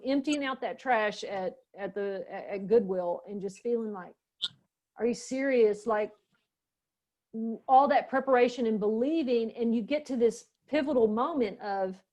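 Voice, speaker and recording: A middle-aged woman hosting a heartfelt conversation, speaking in an earnest, reflective and emotional way. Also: fairly high pitch. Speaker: host.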